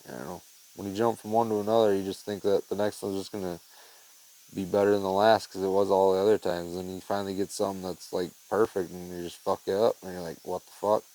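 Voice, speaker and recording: A man's voice: sits low, level tone, quick pace, warm tone, rough recording. A young man hosting his own podcast, talking in a rambling, profane, heartfelt way with lots of fillers. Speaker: podcast host. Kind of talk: casual monologue.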